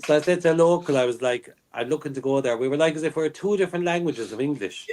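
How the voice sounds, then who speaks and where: A man with an Irish accent, a quiz contestant telling a story in a quick, cursing, casual way over a video call. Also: on the high side, darkish tone. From Ireland. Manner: rapid, swearing storyteller. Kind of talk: casual chat.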